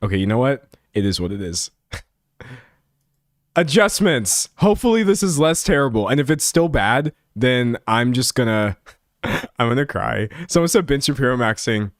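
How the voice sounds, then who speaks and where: A man's voice: medium pitch, lively intonation, normal speed, no echo. Young guy streamer talking to chat, laughing at himself a lot, voice swinging all over, dry close sound. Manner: self-deprecating, chatty, laughs often. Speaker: livestreamer. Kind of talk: casual live-stream chat while editing.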